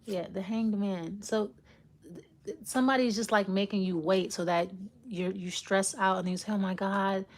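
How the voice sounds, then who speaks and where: A woman's voice: mid-range voice, steady tone, normal speed, darkish tone, a little hiss or hum. A woman giving a casual tarot reading, rambling and intuitive, often trailing off and starting her thoughts over. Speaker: tarot reader.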